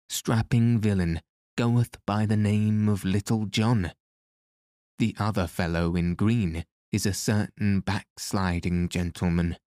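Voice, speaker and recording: A man's voice: deep voice, warm tone, dry recording, studio quality. A man voicing a spiteful older bishop in a storybook reading, speaking in hasty, accusing archaic phrases.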